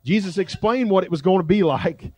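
Man preaching a sermon, fairly high voice, dry close sound, dramatic swings from loud to hushed. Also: slightly rough, no echo. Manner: dramatic shifts between loud emphasis and quiet, drawn-out phrases. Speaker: pastor.

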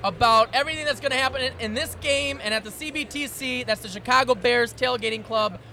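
A young man hosting a live podcast outdoors at a tailgate party, loud and joking. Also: very high-pitched, fast, soft background music. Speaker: podcast host.

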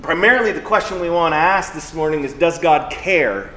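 A pastor preaching a sermon in a church, telling everyday stories in a conversational, self-mocking way. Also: male voice, a little high, expressive, brisk, fairly bright tone, reverberant.

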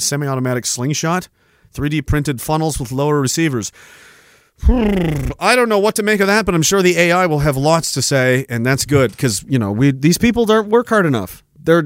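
A man's voice: fairly high pitch, no room sound, studio quality. A man hosting a podcast, ranting sarcastically with heavy swearing and frequent laughter while reading out viewer messages. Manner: profane, sarcastic, laughs often. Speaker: podcast host.

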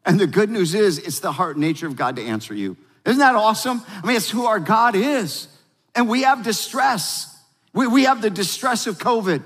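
A man preaching a sermon as pastor, energetic and emphatic, drawing the congregation into call-and-response. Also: high-pitched, normal speed, breathy edge, big-room sound.

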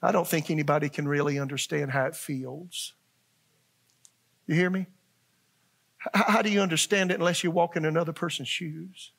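A man's voice: a little high, fairly even intonation, moderate pace, gravelly, pauses often, a bit bright. A man in his sixties preaching a sermon to a church congregation, folksy and earnest, repeating lines and checking in with his listeners. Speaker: pastor. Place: church sanctuary.

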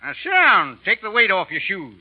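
Brief: a loud folksy rancher, high husky voice, muffled old radio. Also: male voice, huge pitch swings, moderate pace, exaggerated voice. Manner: whooping, laughing, folksy drawl. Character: boisterous tipsy American rancher, loud and folksy. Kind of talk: 1940s radio acting.

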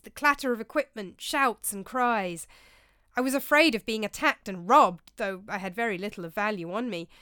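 A woman voicing a calm, worldly medieval priest who tells his tale in a measured way. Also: medium pitch, clean tone, no room sound, clean studio sound, pitched above the performer's own voice, natural voice.

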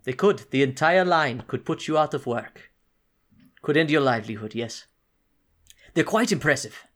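A man voicing an intense, menacing male inquisitor commander who speaks quietly in clipped lines with veiled threats. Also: on the high side, animated, moderate pace. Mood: cold probing.

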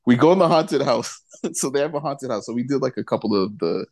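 A man's voice: mid-range voice, expressive, a little fast, a little mellow. A man co-hosting a casual podcast, telling stories with lots of laughter and swearing. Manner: laughing, profane storytelling. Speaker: podcast co-host.

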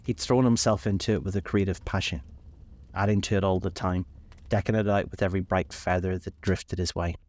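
A man narrating a classic novel in a measured, reflective reading, slowing on key passages. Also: low-pitched, fairly even intonation, a little mellow.

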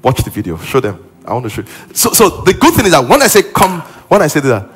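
A man preaching a sermon in a church auditorium, in an animated way that rises to loud commands. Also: mid-range voice, quick pace, soft background music. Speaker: pastor. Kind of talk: sermon and deliverance prayer.

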